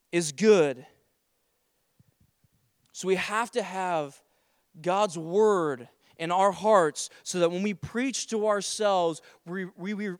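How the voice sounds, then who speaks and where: A man's voice: sits high, clean tone, no echo, clean studio sound. A man, a pastor, preaching a sermon and telling a personal story, animatedly acting out the dialogue.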